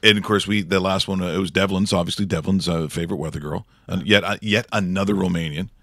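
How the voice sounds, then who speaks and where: A man's voice: low-pitched, fairly even intonation, fast, a bit bright, no echo. A man hosting a casual studio morning show, rambling enthusiastically with many restarts. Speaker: show host.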